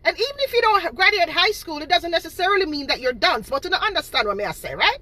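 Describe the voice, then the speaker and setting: A woman's voice: extremely high pitch, very animated, fast, sharp tone, no room sound, low-quality recording. A woman, ranting to camera about her cake business and her critics with indignant, repetitive emphasis. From Boston, Massachusetts. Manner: indignant, emphatic, repeats herself. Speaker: home cake seller. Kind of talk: direct-to-camera rant.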